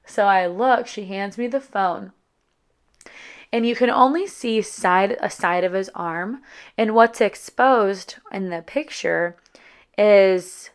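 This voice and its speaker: A woman's voice: mid-range voice, slow, clear, resonant tone. A young woman vlogger casually telling a dating story to her viewers, chatty and dramatic, with lots of "like" and quoted voices.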